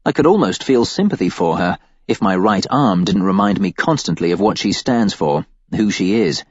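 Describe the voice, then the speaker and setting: A man narrating a first-person audiobook with a wry, deadpan delivery. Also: deep voice, moderate pace, slightly rough, no echo, dull audio.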